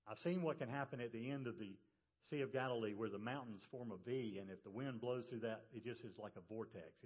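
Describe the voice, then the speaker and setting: A male pastor preaching a sermon to his congregation in a relaxed, storytelling way. He drops his voice low for quoted words. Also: breathy edge, highs cut off. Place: church service.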